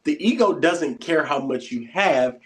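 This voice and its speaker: A man's voice: a little high, lively intonation, a little slow. A man teaching a spoken lesson in an informal, conversational way, often repeating phrases and acting out inner voices under his breath. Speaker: coach teaching a bootcamp session.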